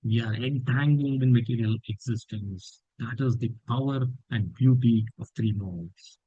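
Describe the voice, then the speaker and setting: Man, scripture teacher, storytelling lesson, animated, dry close sound, slightly muffled. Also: a little slow, husky, no echo. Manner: animated storytelling that lifts pitch for quoted lines. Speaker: spiritual teacher.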